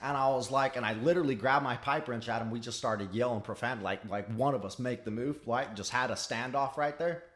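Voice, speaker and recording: A man's voice: medium pitch, fairly quick, hardly any pauses. A young man telling a work story in casual chat, swearing freely and acting out the people he quotes. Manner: profane, animated storyteller who acts out quotes. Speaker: podcast guest.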